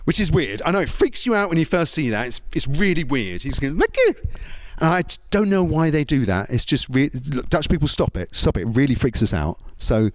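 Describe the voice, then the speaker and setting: A man's voice: a little high, brisk, hardly any pauses, dry recording. A man from Britain with a British accent, doing a jokey stand-up routine as a comedian and MC, acting out little voices. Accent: British English. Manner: animated, jokey, acts out voices.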